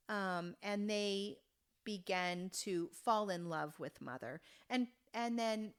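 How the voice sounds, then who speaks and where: A woman in her fifties from Oregon, a podcast guest telling a story in an earnest, halting way with many restarts. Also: mid-range voice. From Oregon, USA. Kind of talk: conversational storytelling.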